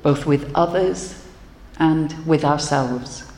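A woman minister giving a gentle, reflective sermon and leading prayer. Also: low-pitched, slow pace, slight background noise. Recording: roomy hall with faint ambience.

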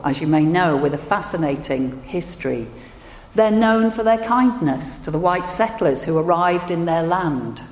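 A woman minister giving a sermon and leading a prayer, telling stories in a measured, gentle way. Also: sits low. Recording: echoey hall with long reverb.

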